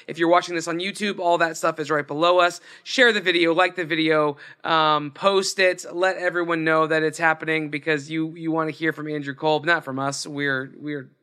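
A man's voice: a little high, pushed and bright, clear, resonant tone. A man hosting a podcast, running through a casual, friendly outro with plugs and self-deprecating jokes. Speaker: podcast host.

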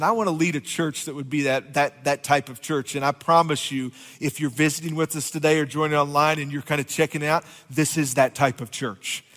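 A man's voice: a little high, a bit bright, long reverb tail. A man preaching a conversational sermon as pastor, joking with his congregation. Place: church sanctuary.

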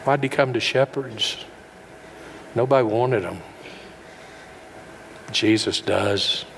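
Male pastor, folksy earnest sermon, mid-range voice with soaring loud peaks; long hall reverb, faint room hum. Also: medium pitch, takes it slowly, gravelly. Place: large room with an audience.

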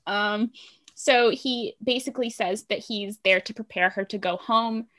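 A woman at a middle pitch chats casually through a plot recap. She retells scenes in a loose, relaxed way, with lots of ums and likes. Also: measured pace. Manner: chatty, relaxed retelling with filler words. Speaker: podcast co-host recapping a show. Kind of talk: casual chat.

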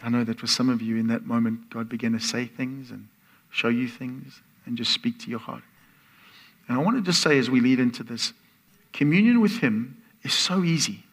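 A man preaching a sermon as a guest speaker, earnest and building from soft, quiet phrases to excited exclamations. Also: medium pitch, moderate pace.

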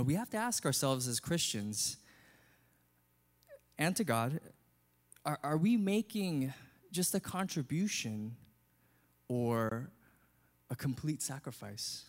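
A man's voice: on the high side, sing-song, slow pace, long pauses. A male pastor preaching a sermon in an earnest, conversational way.

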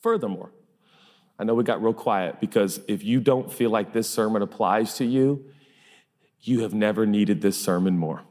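A man's voice: lowish voice, moderate pace, darkish tone. Emphatic male pastor in a reverberant hall. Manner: emphatic, repeats phrases for effect. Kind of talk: sermon. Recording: long reverb of a large hall.

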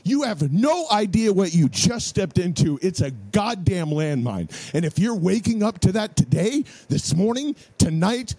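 A man's voice: high-pitched, big pitch swings, measured pace, a little mellow, husky, dry recording. A man co-hosting a sports podcast, talking in a heated, profane rant. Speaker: podcast co-host.

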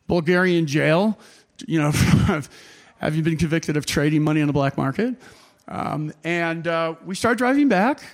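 A man telling a personal travel anecdote in a loose, animated way, chuckling often and rambling with plenty of fillers. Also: high-pitched.

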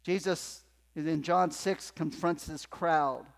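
Guy preaching a sermon, kinda high voice, goes quiet then loud, big church reverb. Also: fairly even intonation, takes it slowly, vocal fry. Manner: emphatic preaching, swings from hushed to loud. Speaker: pastor. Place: church sanctuary. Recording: long hall reverb in a church.

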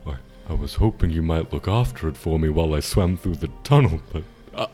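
A man's voice: a bass voice, lively intonation, fairly quick, warm tone, soft background music. A man playing a tabletop game who laughs often and rambles casually. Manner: giggly, rambling. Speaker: player.

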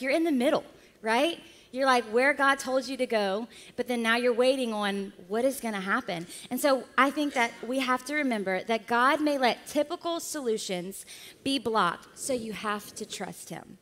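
Woman, pastor, sermon, high voice, animated, reverberant hall. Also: moderate pace. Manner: animated, acts out voices of people in the story.

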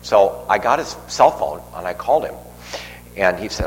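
Speaking at a normal pace with animation, an older man with a low voice gives a homily. His personal tale drifts, marked by many restarts and fillers, and the recording has long reverb with faint noise.

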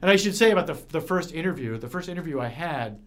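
A man's voice: a little high, animated, quick pace, a bit bright. A man talking casually and emotionally about his work, with frequent false starts and restarts. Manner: emotional, rambling storyteller with many restarts. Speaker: guest, recovery center manager. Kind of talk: casual conversation.

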